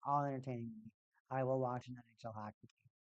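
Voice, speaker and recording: A man's voice: medium pitch, fairly even intonation, fast talker, no room sound, muffled recording. A man hosting a live-stream hockey watch party, chatting casually in a rambling, laid-back way and often repeating himself. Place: at home, in a cold room.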